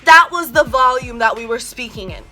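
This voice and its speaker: A teenage girl telling a story on her vlog, slangy and animated, full of "like" and swearing. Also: on the high side, moderate pace, soft background music. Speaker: vlogger.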